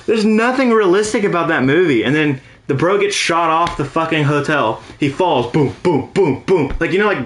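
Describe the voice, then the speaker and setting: Young male co-host, slightly high voice, animated profane ranting, casual chat. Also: echoey room, a little hiss or hum. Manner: animated ranting, heavy swearing. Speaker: podcast co-host.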